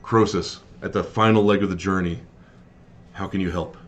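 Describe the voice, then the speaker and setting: A man narrating as game master of a tabletop role-playing game, pausing often with fillers and restarts. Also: sits low, fairly even intonation. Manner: halting, many fillers and restarts.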